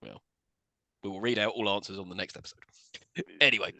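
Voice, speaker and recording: A man with a fairly low, vocal-fried voice speaks quickly on a dry recording as a podcast co-host. Chatting casually about a film, he laughs, swears, and animatedly retells it with quoted voices.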